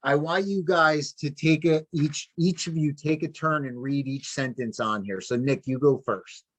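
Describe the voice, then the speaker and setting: A man with a fairly high speaking voice runs a live sales training over a video call. He drives his points home through repetition and keeps checking that the group follows along. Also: unhurried.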